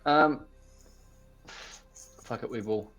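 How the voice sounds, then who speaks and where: A man talks quickly and plainly as a tabletop game player. His sound is a bit dull and lo-fi, with faint music behind. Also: mid-range voice, fairly bright tone.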